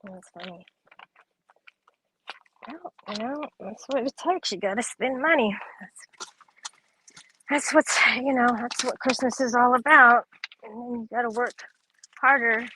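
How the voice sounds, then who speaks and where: Young woman streaming, rambly chat w/ lots of ums and laughs, kinda high voice, bit of hiss behind. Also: measured pace, pauses often, bright, forceful tone, rough recording. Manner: laughs often, swears casually, rambling with fillers. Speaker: livestreamer. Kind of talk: casual livestream chat reading comments.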